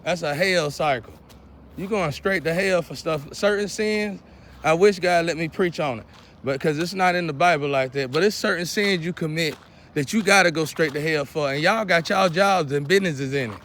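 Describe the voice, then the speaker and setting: A man, lecturing and scolding his viewers in a preachy monologue, often clearing his throat. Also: a little high, moderate pace, fairly bright tone, slight background noise. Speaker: vlogger.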